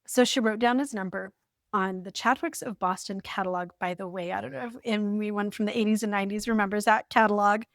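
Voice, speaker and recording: A woman's voice: a bit bright, no room sound, studio quality. A woman in her forties from the United States, telling her story in a wry, lighthearted way while reading from an old journal. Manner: wry and lighthearted, with sudden lifts of pitch. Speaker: vlogger.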